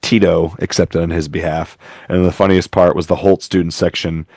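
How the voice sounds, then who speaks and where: Deep-voiced man hosting a podcast. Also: level tone, normal speed, creaky, darkish tone, no room sound, clean studio sound. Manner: rambling, self-mocking jokes. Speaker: podcast host. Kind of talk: casual podcast chat. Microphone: remote call.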